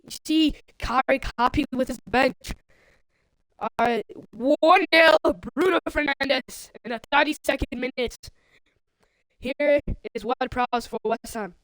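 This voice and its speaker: A woman streaming play-by-play commentary on a football video game, calling out players and breaking into sudden excited outbursts. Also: high voice, unhurried, no room sound, rough recording. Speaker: livestream commentator.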